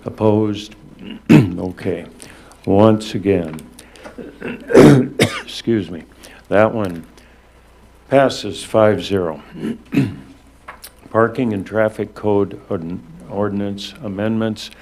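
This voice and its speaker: Low gravelly guy running a council meeting, slow, lots of uhs. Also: slight background noise. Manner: halting, many fillers, relaxed. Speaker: acting mayor chairing a council meeting. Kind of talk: chairing a meeting.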